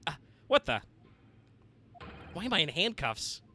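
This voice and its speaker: A man's voice: a little high, big pitch swings, a little slow, pushed and bright, a little hiss or hum, heavily acted. A man doing a dazed young captive waking up. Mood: bewildered. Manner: groggy, bewildered reading.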